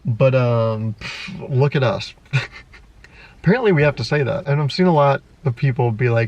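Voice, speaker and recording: A man's voice: on the high side, lively intonation, a little fast, darkish tone, no room sound, poor audio. A young man vlogging in a rambling, exasperated way, laughing often and swearing freely. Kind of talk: casual unscripted monologue to camera.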